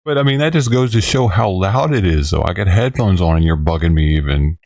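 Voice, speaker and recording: Gravelly profane man ranting worked-up. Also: sits low, lively intonation, brisk, a little mellow. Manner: agitated, profane, laughing. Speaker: vlogger feeding stray cats. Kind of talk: casual ranting vlog.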